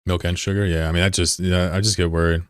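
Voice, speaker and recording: Low-voiced rambling male game streamer. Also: little pitch movement, fast talker, clear, resonant tone, no room sound, clean studio sound. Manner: rambling, curious, filler-heavy and profane. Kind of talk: casual chat with viewers while gaming.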